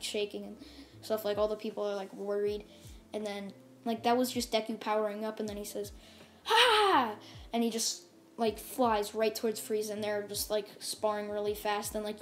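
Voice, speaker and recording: A woman's voice: mid-range voice, darkish tone. A woman casually narrating a fan story off the cuff, rambling and filling her talk with "like" and "and stuff". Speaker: channel host. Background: faint music.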